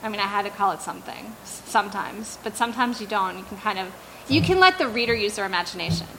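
A woman talks frankly and chattily to a bookstore audience about her first novel. Her voice is bright and crisp, at a mid pitch. She fills her speech with "like" and "you know". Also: lively intonation, quick pace, a little hiss or hum, poor audio. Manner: chatty, frank, with many fillers. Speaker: debut novelist. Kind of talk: candid talk at a book event. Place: bookstore event before an audience.

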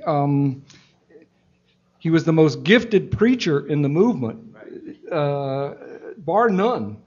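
A man, an author, answering audience questions in an earnest, halting way with many restarts. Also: fairly high pitch. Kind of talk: Q&A talk, reflective storytelling. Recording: dull lo-fi event recording.

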